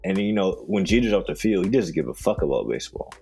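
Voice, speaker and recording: A man's voice: low-pitched, sing-song, fast talker, vocal fry, mellow, husky, soft background music. A man co-hosting a sports podcast, talking in opinionated, teasing casual chat. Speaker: podcast co-host.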